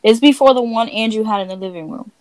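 Co-hosting a podcast, a young woman swaps ghost stories in a casual storytelling chat, being brash and profane as she animatedly voices what others said. Her voice is on the high side and quick, in a rough recording with no echo.

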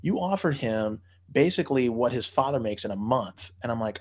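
A man's voice: medium pitch, animated, moderate pace. A man telling a long, profane story in casual chat, laughing often and acting out the people he quotes. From United States. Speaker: podcast storyteller.

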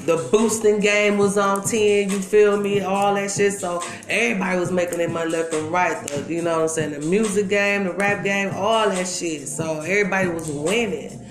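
A middle-aged woman from Milwaukee, a former dancer giving an interview, telling stories in candid, slangy casual talk. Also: on the low side. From Milwaukee, Wisconsin. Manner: candid, slangy storytelling with frequent asides. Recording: echoey room with loud music behind.

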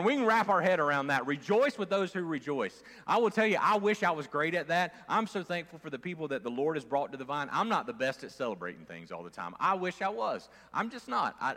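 A male pastor preaching a conversational sermon, moving from loud emphasis to quiet asides, with fillers and restarts. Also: mid-range voice. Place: church sanctuary. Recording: long church hall reverb.

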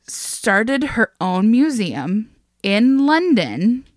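A woman's voice: on the high side, big pitch swings, extremely slow, no room sound, studio quality. A woman co-hosting a podcast, telling a story in casual chat, laughing often and swearing freely. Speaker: podcast co-host.

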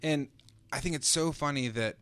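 A man's voice: a little high, normal speed, a bit bright. A man on a podcast panel talking animatedly, swearing casually and laughing easily. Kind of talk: casual round-table chat.

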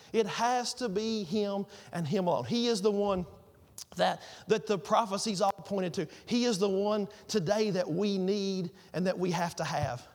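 A man's voice: high voice, long reverb tail. A man preaching a sermon, telling stories and repeating phrases for emphasis. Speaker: pastor.

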